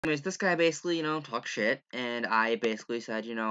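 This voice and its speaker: A man's voice: medium pitch, fast, pushed and bright, clear, resonant tone, muffled recording. A young man giving a rambling, profane, exasperated casual rant over gameplay as a gaming YouTuber.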